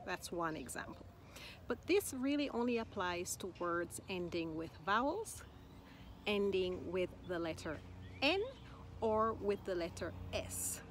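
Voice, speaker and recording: Outdoors in Mexico, a Spanish teacher gives a slow, clear language lesson, patient and encouraging, saying each word slowly and distinctly so listeners can follow. Her voice is on the low side and expressive, with noticeable background noise underneath.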